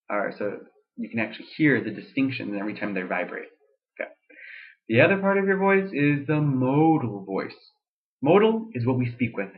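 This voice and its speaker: A young man giving a casual voice lesson, explaining vocal registers with fillers and restarts and breaking into sung demonstrations. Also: on the low side. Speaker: voice teacher. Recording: tinny lo-fi webcam audio.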